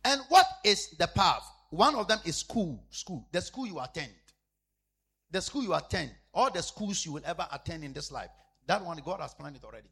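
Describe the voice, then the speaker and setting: Preacher man, high and lively, bright husky tone, keeps repeating lines and swings loud to soft. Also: normal speed. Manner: emphatic preaching with heavy repetition, swinging from loud to hushed. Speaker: pastor. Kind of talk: sermon.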